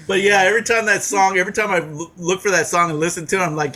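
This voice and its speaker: A man co-hosting a podcast, telling a funny story in a casual, profane way and shouting out the lines he quotes. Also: sits high, quick pace, slight background noise. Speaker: podcast co-host.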